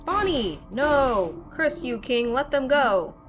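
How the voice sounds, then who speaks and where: A woman voicing a desperate young traveler hero who pleads and shouts frantically. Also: high voice, sing-song, slow, soft background music, exaggerated voice. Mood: defiant.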